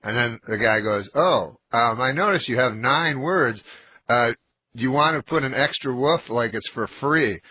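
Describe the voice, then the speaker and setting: A man from Canada, a studio guest comedian, telling a joke in a slow, halting deadpan. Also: mid-range voice, husky, dry recording, highs cut off. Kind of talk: casual radio banter and joke telling.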